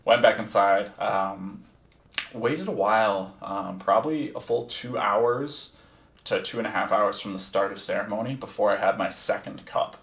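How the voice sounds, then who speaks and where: A man's voice: lowish voice, normal speed, gravelly, fairly bright tone, recorded from a distance. A man hosting a podcast, telling a personal story in a candid, reflective way and swearing freely. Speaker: podcast host. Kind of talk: casual first-person storytelling. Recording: roomy sound, set back from the mic.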